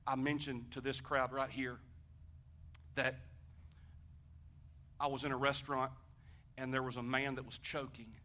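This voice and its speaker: A man preaching a sermon, conversational and animated, asking the congregation questions and swinging from hushed talk to shouting. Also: medium pitch, measured pace, pauses often. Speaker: pastor.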